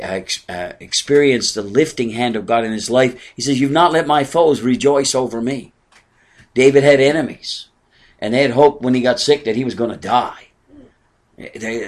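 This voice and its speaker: An older man preaching an earnest sermon, moving from soft asides to raised exclamations. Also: medium pitch. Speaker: pastor.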